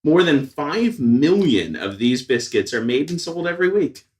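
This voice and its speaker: A man's voice: a little high, sing-song, normal speed, a little mellow, far from the mic. A man co-hosting a casual podcast chat with a dry, self-mocking, jokey manner. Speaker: podcast co-host. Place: indoor room with an audience of one. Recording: echoey room.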